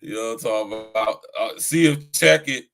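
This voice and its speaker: A man's voice: lowish voice, fairly quick, creaky, fairly bright tone, soft background music, low-quality recording. Laid-back slangy man hosting a podcast. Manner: loose, laughing, slangy and profane. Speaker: podcast host. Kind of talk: casual live-stream chat.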